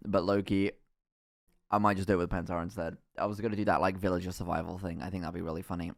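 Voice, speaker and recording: Young guy streaming, storytime rant, laughs a lot, swears, does the voices of people. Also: fairly low pitch. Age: young adult. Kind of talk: casual storytelling chat.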